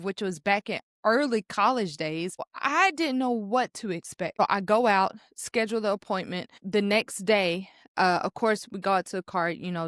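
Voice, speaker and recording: A woman's voice: fairly low pitch, a bit bright, dry recording, studio quality. A young woman, hosting a podcast and candidly telling her own story with emotion. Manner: candid, emotional, addresses listeners as y'all. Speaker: podcast host. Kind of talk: personal storytelling.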